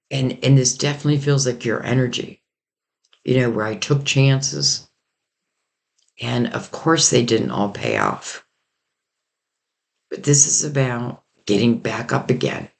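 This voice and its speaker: Slow, gravelly-voiced man reading tarot. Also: medium pitch. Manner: rambling, reflective, with many fillers. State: losing his voice. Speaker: tarot reader. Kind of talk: casual spoken tarot reading.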